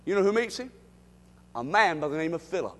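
A man's voice: on the high side, big pitch swings, brisk. A male pastor preaching a sermon to a congregation, exhorting them with rhetorical questions and call-and-response. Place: church sanctuary with congregation. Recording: long reverb of a large hall.

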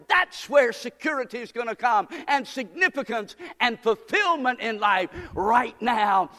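A man preaches a sermon, moving from storytelling into impassioned appeals. His high voice swings up and down. A long reverb from the hall trails every line. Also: lively intonation, measured pace, hardly any pauses, bright, forceful tone. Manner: storytelling, building to impassioned exhortation.

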